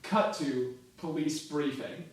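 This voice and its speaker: A man co-hosting a comedy podcast, pitching a sketch in loose storytelling and laughing often. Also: slow pace. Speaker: podcast co-host. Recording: echoey room, mic far off.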